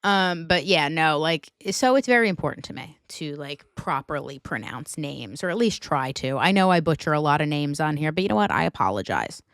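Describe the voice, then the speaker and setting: Podcast host, woman, US Northeastern accent, lowish voice, animated and foul-mouthed, bone-dry sound. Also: a little fast, hardly any pauses, no echo. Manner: animated, emphatic, swears freely. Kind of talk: casual pop-culture chat.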